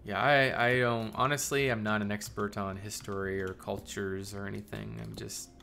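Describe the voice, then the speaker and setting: A man's voice: lowish voice, flat delivery, moderate pace, creaky, sharp tone, a little hiss or hum. A man streaming live and chatting casually with viewers, thinking aloud in a rambling way and laughing often.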